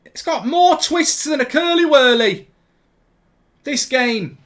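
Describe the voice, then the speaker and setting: A middle-aged man hosting a live football watchalong, ranting excitably and repeating himself as the match unfolds. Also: extremely high pitch, takes it slowly.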